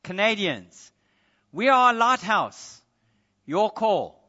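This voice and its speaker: A man voicing a calm male lighthouse keeper who flatly refuses over the radio. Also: sits high, slow, pitched above the performer's own voice, full character voice. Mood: unmoved. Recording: dull recording in a reverberant hall.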